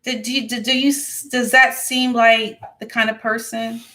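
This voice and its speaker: A woman's voice: on the high side, little pitch movement, unhurried, pushed and bright. An American woman hosting a podcast, chatting casually and thinking aloud with lots of fillers and restarts. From United States. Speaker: podcast host. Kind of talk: casual chat.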